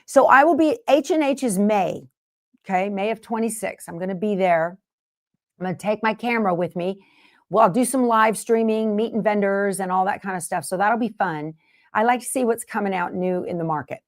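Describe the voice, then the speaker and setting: A woman's voice: mid-range voice, fairly quick. A woman hosting a sewing livestream, chatting casually with viewers and rambling from one topic to the next. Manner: rambling, jumps between topics and interrupts herself.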